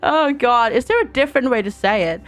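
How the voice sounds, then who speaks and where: Woman game streamer from Germany, slightly high voice, casual and friendly with chat, desk mic. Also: lively intonation, a little fast. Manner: chatty, greets viewers by name, laughs easily. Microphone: desk microphone.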